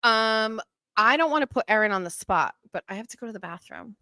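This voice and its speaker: A woman's voice: a little high, lively intonation, a little fast, bright, forceful tone, dry recording. A woman hosting a casual livestream chat, chatty and teasing about her husband. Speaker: host.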